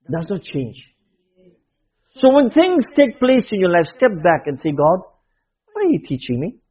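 A man's voice: high voice, husky, highs cut off. A man preaching a sermon, emphatic, repeating key phrases and dropping to near murmurs.

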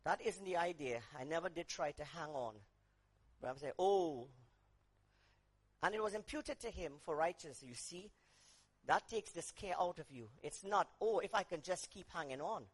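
A man preaching a sermon, dropping to quiet asides, rising to shouted emphasis, and acting out quoted voices. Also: a little high, animated, moderate pace, husky.

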